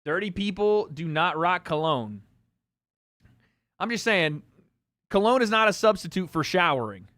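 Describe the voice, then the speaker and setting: Male streamer at home, high bright voice, dry close sound, teasing banter with chat. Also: sing-song, a little slow, long pauses, dry recording. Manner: joking, trolling banter with his chat. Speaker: livestream host. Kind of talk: casual livestream chat.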